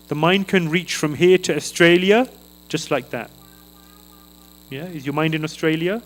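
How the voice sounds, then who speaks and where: A man giving a devotional sermon at a temple feast, slow and earnest, chanting a mantra aloud as he teaches. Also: fairly high pitch, rough recording. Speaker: guest speaker at a temple feast. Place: temple hall.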